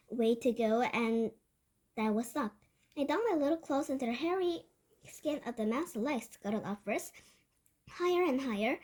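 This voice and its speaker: A woman reading a children's novel aloud as a first-person story, lively and with occasional slips and restarts. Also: sits high. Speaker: book reader.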